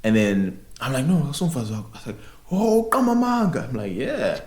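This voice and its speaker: Deep-voiced man telling a lively story. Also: fast talker. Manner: animated, laughing storyteller. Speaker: podcast co-host. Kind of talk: casual storytelling chat. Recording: roomy echo.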